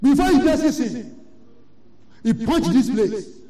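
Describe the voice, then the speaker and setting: High-voiced fervent preacher in an echoey hall. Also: male voice, animated, slow pace, mellow, recorded from a distance. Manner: fervent, breaks in with praise and blessings. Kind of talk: sermon. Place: church hall.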